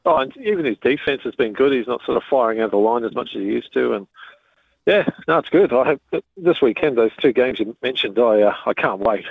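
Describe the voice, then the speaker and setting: A man's voice: medium pitch, expressive, a little fast, creaky, no room sound. A man calling in to a radio show, chatty and enthusiastic. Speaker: caller. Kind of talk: phone-in chat. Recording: tinny phone line.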